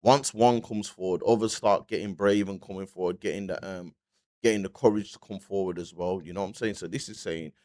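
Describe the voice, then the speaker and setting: A man's voice: low voice, steady tone, fairly quick, a little mellow, dry recording. A man giving a casual commentary vlog, talking in slang, restarting his sentences and often asking "you get me". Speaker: online commentator.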